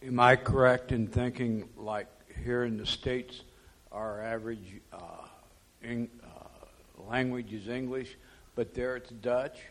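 A man's voice: mid-range voice, steady tone, slow, a bit bright. A man in the audience asking a question hesitantly, searching for his words.

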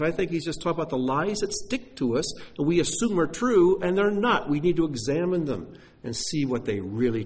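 A man's voice: a little high, a little mellow, a little hiss or hum. A man preaching a sermon, emphatic, often repeating key phrases and putting questions to his listeners.

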